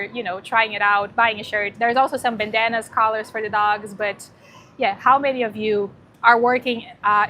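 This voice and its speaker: A woman hosting a casual livestream who talks warmly to her viewers and gets teary, cooing now and then to a dog beside her. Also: mid-range voice, slight background noise. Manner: chatty and emotional, thanking viewers, cooing to a dog. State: teary, crying. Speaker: livestream host promoting dog rescue.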